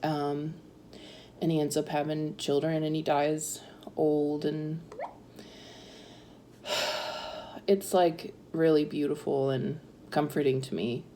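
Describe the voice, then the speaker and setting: A woman in her thirties with a slightly low-pitched voice shares her own story. She talks in a chatty way, fills her sentences with "like" and laughs often. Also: flat delivery, slow, pauses often, dark tone, a little hiss or hum. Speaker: interviewee sharing her story. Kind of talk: personal storytelling.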